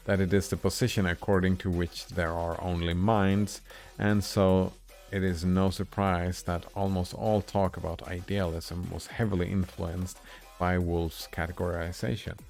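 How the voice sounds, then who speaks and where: Slow, low-voiced man reading philosophy aloud. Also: creaky, a little mellow. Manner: slow, halting reading with comments in between. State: tired, yawning. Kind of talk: reading a text aloud with asides.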